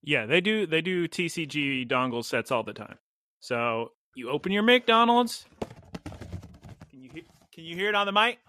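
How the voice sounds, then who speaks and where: A man hosting a casual podcast, telling stories in an animated way with frequent laughs. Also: on the high side, moderate pace, a little hiss or hum. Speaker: podcast host.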